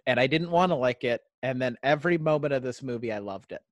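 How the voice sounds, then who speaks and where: A man's voice: medium pitch, expressive, fast, no echo, lo-fi sound. A man co-hosting a casual movie chat who jokes a lot and acts out quoted lines. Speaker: podcast co-host.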